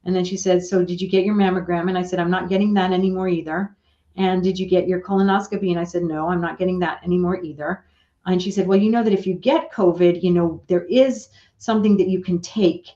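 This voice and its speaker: A woman's voice: lowish voice, fast talker. Chatty older woman, lo-fi sound. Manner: chatty, animated retelling with quoted dialogue. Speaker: guest. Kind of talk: casual storytelling on a talk show. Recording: dull lo-fi remote audio.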